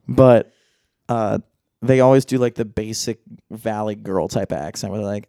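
A young American man chatting casually and swearing a lot, telling animated stories with frequent laughter. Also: lowish voice, a little slow, vocal fry, pauses often, dry recording, studio quality. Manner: laughing, profane, animated storyteller. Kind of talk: casual chat.

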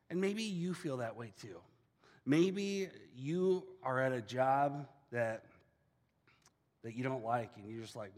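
A man preaching a sermon as a casual, animated storyteller. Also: on the high side, a little slow, long reverb tail. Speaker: pastor.

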